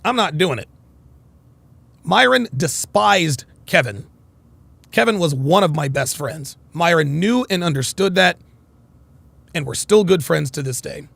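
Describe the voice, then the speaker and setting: A hoarse male livestream host in casual commentary, rambling and repeating himself, swearing freely and reading out viewer comments. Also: fairly high pitch, animated, measured pace, fairly bright tone, dry recording. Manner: reads out chat comments. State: hoarse, nearly lost voice.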